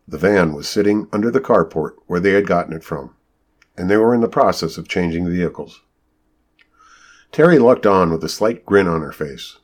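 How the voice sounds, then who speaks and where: A man reading a novel aloud as narrator, lifting his voice for the characters' lines. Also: normal speed. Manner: lively storytelling, raises pitch for quoted characters. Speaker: audiobook narrator. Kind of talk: scripted narration.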